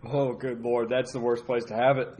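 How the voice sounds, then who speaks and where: A man's voice: mid-range voice, flat delivery, normal speed, a little mellow. A man joining a live stream as co-host, trading jokes and dry asides in casual banter.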